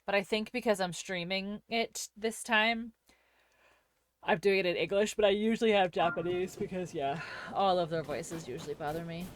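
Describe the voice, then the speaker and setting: A woman's voice: lowish voice, normal speed, slight background noise. A woman streaming a video game, chatting casually and reacting aloud as she answers her chat. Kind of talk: casual gameplay commentary.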